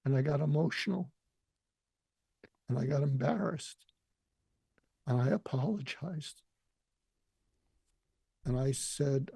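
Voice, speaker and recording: An older man shares a deeply personal story, earnest and emotional, often quoting others. His voice is gravelly and husky with a dark, mellow tone. The recording is dry and close. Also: slow pace, pauses often, no room sound. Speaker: guest.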